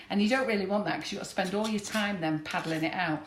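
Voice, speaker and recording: A woman's voice: mid-range voice, fast. Northern English woman, live kitchen demo host, chatty and giggly, echoey kitchen, faint background noise. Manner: chatty and warm, laughs often. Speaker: baking demonstrator. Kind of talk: live baking demonstration chat.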